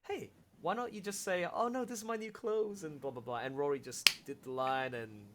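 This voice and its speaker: A man directing an audio drama, hosting a casual, excitable watch-along and laughing often as he gushes about scenes. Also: fairly high pitch, moderate pace, heavy background noise. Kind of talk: casual commentary chat.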